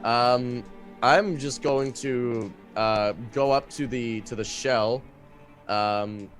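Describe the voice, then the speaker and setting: A man's voice: medium pitch, takes it slowly, faint music behind. A man playing a tabletop game, bantering playfully about his rolls. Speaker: player.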